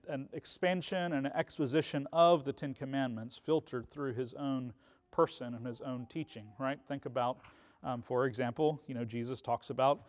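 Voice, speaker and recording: Male teacher, conversational church class lecture, lots of ums, long hall reverb. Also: mid-range voice. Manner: conversational, frequent ums and "right?".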